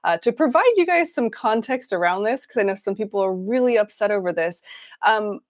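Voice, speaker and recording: A woman's voice: medium pitch, animated, fairly quick. A woman hosting a news livestream, chatting casually with many fillers and restarts, laughing often. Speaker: news show host.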